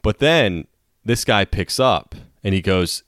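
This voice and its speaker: Male podcast co-host, low voice, loose rambling storyteller, dry close mic. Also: animated, a little slow, a bit bright, no room sound. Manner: rambling storyteller, laughs often. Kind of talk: casual chat.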